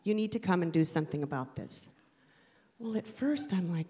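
A woman's voice: lowish voice, lively intonation, normal speed, dark tone, husky. A middle-aged woman and mother telling a humorous personal story to an audience, with a playful, punchy delivery.

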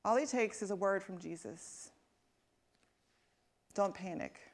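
A woman giving a sermon, talking in a conversational way, asking the listeners questions, and dropping to a soft, quiet voice for emphasis. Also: mid-range voice, moderate pace. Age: adult parent. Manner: conversational, asks the congregation questions. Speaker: pastor.

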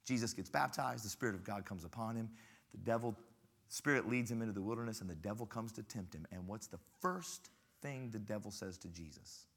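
A man's voice: lowish voice, a little fast, vocal fry, breathy edge. A man preaching a sermon as a guest pastor, telling stories with humor and repeating phrases for emphasis. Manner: animated, humorous storytelling with emphatic repetition.

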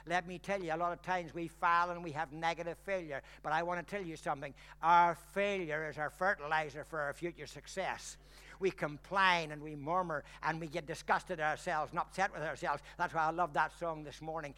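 An older man from Ireland, preaching a sermon, telling a personal story and building to loud exclamations. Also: fairly high pitch, steady tone, brisk.

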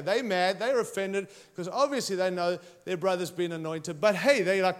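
A man preaching a sermon to a congregation, retelling a story in an energetic, conversational way. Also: high voice, brisk, few pauses.

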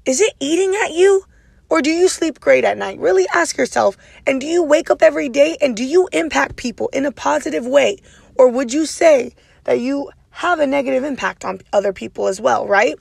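A woman hosting a motivational podcast, loud and passionate, with a naturally raspy voice, speaking straight to her listeners. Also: sits high, brisk, no echo. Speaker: podcast host.

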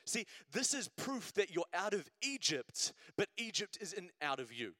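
Man preaching, slightly high voice, dry close sound, chatty, repeats phrases for emphasis. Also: sing-song, normal speed, pushed and bright, dry recording. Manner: conversational, asks "right?" often, builds to emphatic repetition. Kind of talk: sermon. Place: church service.

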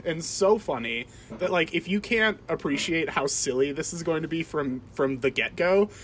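A man's voice: a little high, lively intonation, moderate pace, fairly bright tone, slight background noise. A man chatting about a film, emphatic, with lots of "like" fillers and laughter. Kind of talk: casual film discussion.

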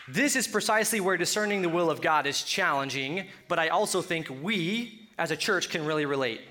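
Male pastor from Colorado, high and bright voice, casual joking sermon delivery. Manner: joking, conversational preaching with asides.

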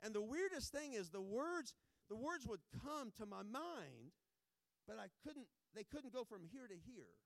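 A pastor giving informal, joking remarks before a sermon, rambling with many restarts. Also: male voice, extremely high pitch, sing-song, measured pace, creaky, dry recording, clean studio sound.

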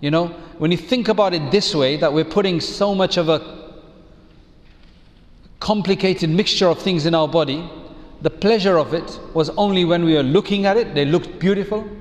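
A man giving a measured, reflective sermon as an Islamic preacher, using rhetorical questions. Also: sits high, in a large hall.

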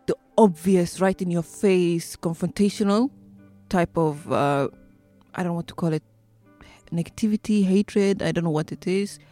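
A woman's voice: fairly low pitch, moderate pace, warm tone, faint music behind. A woman telling personal stories in an interview, hesitant, with many fillers and restarts. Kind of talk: personal storytelling.

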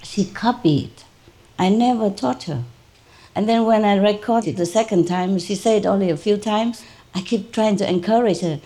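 A woman, a spiritual teacher, telling a story to her disciples in an animated, informal way, laughing often. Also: mid-range voice, normal speed.

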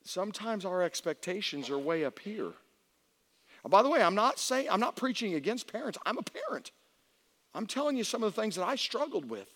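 A middle-aged man, a pastor, telling a personal story in a sermon, animated and acting out voices. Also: high-pitched, brisk. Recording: long reverb of a large hall.

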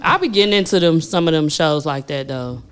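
A man's voice: on the high side, expressive, a little fast, fairly bright tone, smooth. A man co-hosting a casual talk show, chatting about shows and laughing along. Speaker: podcast co-host. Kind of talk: casual chat.

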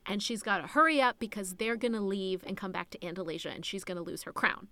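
A woman's voice: mid-range voice, fast, sharp tone. A woman co-hosting a podcast, chatting casually through a movie recap, laughing easily and swearing now and then. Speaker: podcast co-host.

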